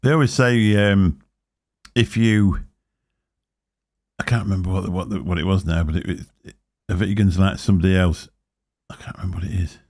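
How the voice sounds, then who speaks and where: A man's voice: low-pitched, steady tone, a little fast, a little mellow, no room sound, studio quality. A middle-aged man co-hosting a casual livestream chat, rambling and correcting himself as he talks. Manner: rambling, self-correcting, chuckling. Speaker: co-host of a live vaping chat show.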